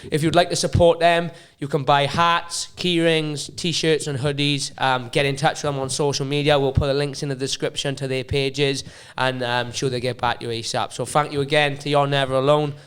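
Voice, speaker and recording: A man hosting a podcast with a smooth, clear voice pitched a little high. His delivery stays fairly flat as he reads a sponsor message and asks questions. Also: normal speed, hardly any pauses. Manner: reads a sponsor message, brief agreeing interjections. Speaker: podcast host. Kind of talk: casual chat. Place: podcast studio.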